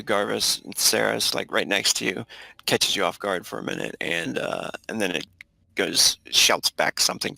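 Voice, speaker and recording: A man running a tabletop game as game master, talking in halting bursts with frequent laughs. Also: lowish voice, vocal fry, bright, forceful tone, no room sound. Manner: halting, laughs often between rulings.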